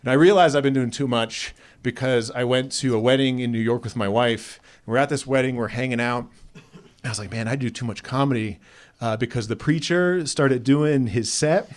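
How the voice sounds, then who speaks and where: A man doing a stand-up comedy set on a club stage, with self-deprecating, deadpan asides. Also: medium pitch, moderate pace. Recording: live club crowd audible. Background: audience laughing.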